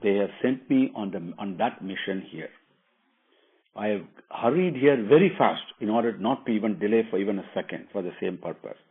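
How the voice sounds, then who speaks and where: Sumantra, a man voicing a hurried royal messenger. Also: fairly low pitch, expressive, husky. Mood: urgent. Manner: hurried, urgent. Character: hurried loyal old royal charioteer. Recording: narrow phone-like audio.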